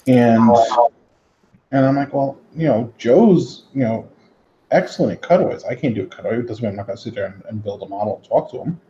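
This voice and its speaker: A man hosting a modeling hangout, rambling through animated stories and acting out the people he quotes. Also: medium pitch, fast, roomy sound, dull audio, slight background noise. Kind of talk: casual storytelling chat. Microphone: headset.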